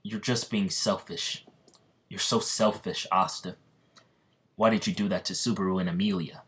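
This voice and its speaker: Casting: reproachful little cat spirit, deep plain voice, done by a man. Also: fairly even intonation, normal speed, fairly bright tone.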